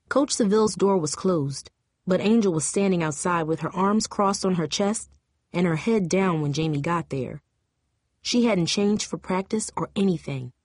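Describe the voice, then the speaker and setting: A woman narrating an audiobook in a steady, even storytelling voice. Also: lowish voice, no echo, studio quality.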